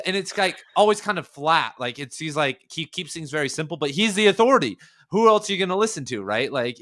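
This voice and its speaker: A man's voice: on the high side, sharp tone. A man hosting a casual podcast conversation, musing aloud in long rambling stretches full of fillers. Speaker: podcast host.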